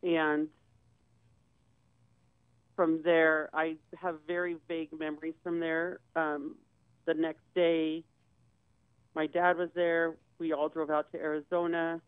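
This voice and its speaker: A woman's voice: deep voice, little pitch movement, slow pace, long pauses, clean tone, no echo, phone-quality sound. A woman guest on a talk show, telling a personal story and retelling conversations in quoted dialogue.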